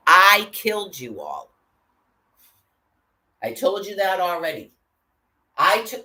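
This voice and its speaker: A woman's voice: fairly low pitch, a bit bright, low-quality recording. A woman delivering an angry, profane rant, cursing constantly and hurling threats.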